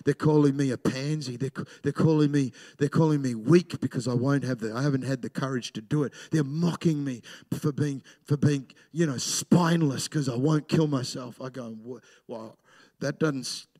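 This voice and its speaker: A middle-aged man preaches at a moderate pace in a medium-pitched voice. His sermon feels conversational, moving back and forth between loud emphasis and hushed storytelling.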